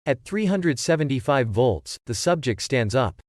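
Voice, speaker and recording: A man's voice: mid-range voice, big pitch swings, normal speed, dry recording, clean studio sound. A man reading a script aloud, stating the stage directions plainly. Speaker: reader.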